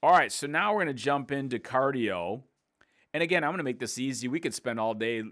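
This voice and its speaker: A man's voice: mid-range voice, expressive, a little fast, fairly bright tone. A man in his sixties, a fitness coach and podcast host, explaining exercises in a casual, upbeat, plain-spoken way. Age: 60s. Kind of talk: casual instructional podcast talk.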